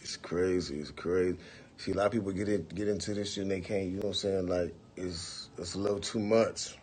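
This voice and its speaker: A man's voice: low-pitched, steady tone, brisk, a little mellow, a little hiss or hum. A man hosting a phone livestream, telling stories to his viewers in a laid-back, profane way, often saying "for real" and "you know what I'm saying". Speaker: livestream host. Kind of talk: casual storytelling to viewers.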